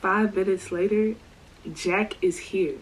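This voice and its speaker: A chatty woman tells a casual story like a storytime vlogger, animated and slangy, with plenty of asides. Her medium-pitched voice moves at a slow pace, and the recording is rough.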